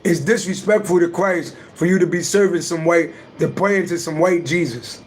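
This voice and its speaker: Speaking at normal speed with a fairly high pitch, a man hosts a casual livestream as an astrology reader. His talk is blunt and emphatic, thick with profanity.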